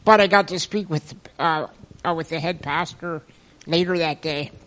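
A man with a fairly high voice speaks up in a church discussion group. He talks hesitantly, stumbling over his words and often restarting his sentences. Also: normal speed, pushed and bright.

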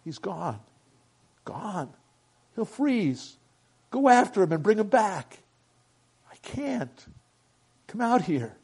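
A man voicing an urgent young farm son, husky. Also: high-pitched, sing-song, slow, pauses often, darkish tone, pitched above the performer's own voice, heavily acted. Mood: alarmed. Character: eager young farm son, oldest brother.

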